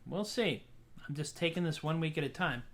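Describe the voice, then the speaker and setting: A man's voice: fairly high pitch, lively intonation, a little fast, fairly bright tone. A man hosting a casual live stream, chatting between songs and joking about his own mistakes, with his ukulele playing along. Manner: self-deprecating, chatty, breaks off songs to joke. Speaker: singer-songwriter streaming a show. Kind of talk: casual livestream chat and singing with ukulele.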